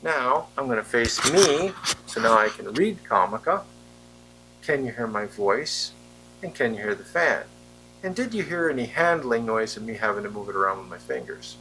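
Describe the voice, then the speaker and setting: A man's voice: medium pitch, lively intonation, moderate pace. Man testing a mic, fan hum. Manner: plain, asks the viewer questions. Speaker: microphone reviewer. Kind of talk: product test vlog. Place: indoor room with a fan running. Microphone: wireless handheld mic being tested.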